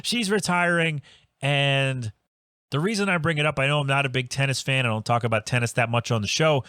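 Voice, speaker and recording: A man's voice: medium pitch, fairly quick, pushed and bright, smooth, no room sound, studio quality. A man hosting a solo podcast, rambling and ranting with exasperated asides and frequent restarts. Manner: rambling, exasperated, self-interrupting. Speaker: podcast host. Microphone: home podcast microphone.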